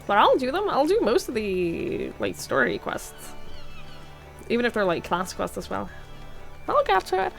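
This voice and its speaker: A woman's voice: medium pitch, big pitch swings, normal speed, gravelly, soft background music. A woman streamer chatting playfully with her viewers while playing a game. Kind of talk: casual game livestream chat.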